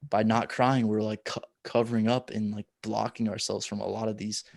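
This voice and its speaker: A man hosting a podcast, talking in a relaxed, loose way with many fillers. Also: lowish voice, moderate pace, gravelly, dry recording. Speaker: podcast host. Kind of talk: casual conversation.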